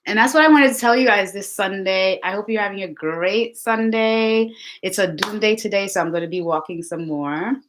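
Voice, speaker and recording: A woman vlogger chatting casually to her viewers, telling lively stories. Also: mid-range voice, moderate pace. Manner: chatty, animated storytelling with laughs. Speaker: lifestyle vlogger.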